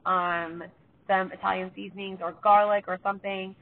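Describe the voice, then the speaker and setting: A woman's voice: medium pitch, flat delivery, normal speed. A woman with a stuffy nose giving casual advice to her viewers, chatty and rambling with lots of fillers. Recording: tinny phone-like sound, faint background noise.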